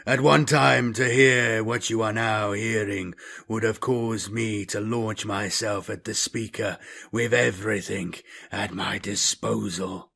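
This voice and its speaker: A man voicing a corrupted space marine captain, speaking slowly in a measured, low and quiet tone. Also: steady tone, gravelly, slightly rough, heavily acted. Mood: measured, grave.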